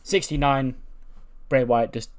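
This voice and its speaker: Male gaming host, laid-back playthrough commentary, mid-pitched, swears casually. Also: steady tone, measured pace.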